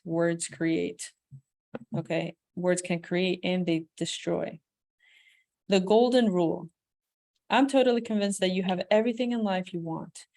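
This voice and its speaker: A woman reading a self-help book aloud. She reads with lively emphasis and breaks off into chatty comments of her own. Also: fairly low pitch. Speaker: audiobook reader.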